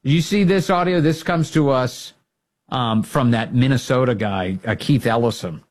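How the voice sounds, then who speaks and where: Man, political talk host, emphatic commentary, rallying tone. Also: normal speed. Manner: emphatic, rallying, swings to high pitch when fired up. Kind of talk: opinionated commentary.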